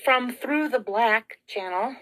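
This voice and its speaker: A middle-aged woman rants straight to camera in a somewhat high voice. She sounds frazzled and close to tears, sighing, breaking off mid-sentence and firing off rhetorical questions. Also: slow pace, a bit bright, poor audio. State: tearful. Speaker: vlogger. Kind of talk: emotional rambling monologue.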